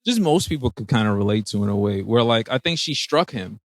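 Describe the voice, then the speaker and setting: A man's voice: medium pitch, lively intonation, a little fast, no echo. A man co-hosting a podcast, talking in laid-back, slangy and profane banter and laughing often. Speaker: podcast co-host. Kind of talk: casual movie-review chat.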